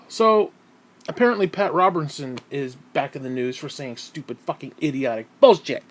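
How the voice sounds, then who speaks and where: A man's voice: on the high side, normal speed. Profane, irritable man ranting. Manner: profane, irritable, heavy sighs. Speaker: vlogger. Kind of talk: angry ranting monologue.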